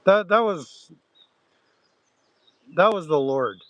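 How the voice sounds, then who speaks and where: A man hosting a livestream, chatting loosely to viewers with crude slang, halting restarts and frequent throat-clearing. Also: sits high, expressive. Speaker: livestream host. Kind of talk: rambling casual chat to viewers.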